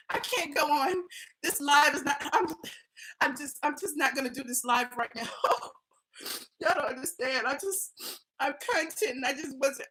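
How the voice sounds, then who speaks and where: A woman's voice: high-pitched, pushed and bright. A woman acting out a self-pitying female blogger in an overdone, sobbing voice. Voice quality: melodramatic, sobbing.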